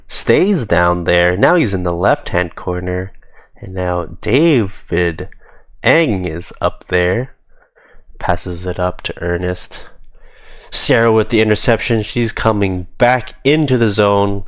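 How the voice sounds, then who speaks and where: A man's voice: deep voice, no echo. A man casually reviewing his hockey team's game footage, giving easygoing, amused play-by-play.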